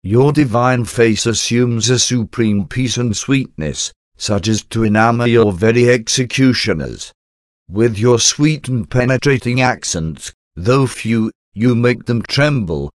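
A man reading a devotional prayer aloud in a measured, reverent way, phrase by phrase. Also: medium pitch, no echo, clean studio sound.

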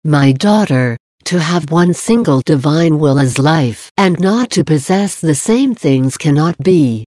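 A woman reading gentle loving Jesus. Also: low voice, animated, measured pace, no echo, studio quality. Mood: tender. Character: Jesus, gentle loving male divine speaker. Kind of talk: devotional reading.

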